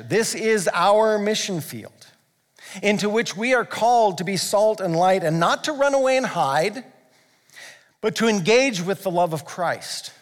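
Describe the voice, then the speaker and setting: A male pastor preaching a sermon, earnest and building to fervent emphasis. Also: on the high side. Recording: long hall reverb.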